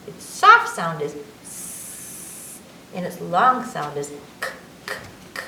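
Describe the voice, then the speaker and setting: Librarian lady reading abc rhymes to kids, bouncy up and down voice, faint hum behind. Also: medium pitch. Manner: lively, teacherly, stretching letter sounds. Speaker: children's librarian reading aloud. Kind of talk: slow, sing-song children's story time. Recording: echoey room, mic at a distance, faint background hum.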